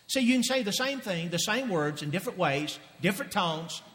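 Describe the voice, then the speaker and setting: A male preacher giving an emphatic sermon, repeating points and swinging from loud declarations to hushed asides. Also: sits high, expressive, fairly quick. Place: church sanctuary. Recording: long reverb of a large hall.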